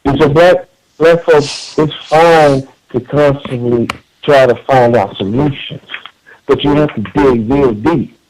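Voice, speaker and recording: A man's voice: medium pitch, slow pace, darkish tone, a little hiss or hum, rough recording. A man calling in to a radio talk show, speaking in an earnest, emphatic way with frequent repeated words and restarts. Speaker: caller.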